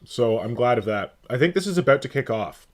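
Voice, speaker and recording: A man's voice: mid-range voice, animated, fairly quick, background noise. A man hosting a casual live stream, joking and reading out viewers' names. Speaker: stream host.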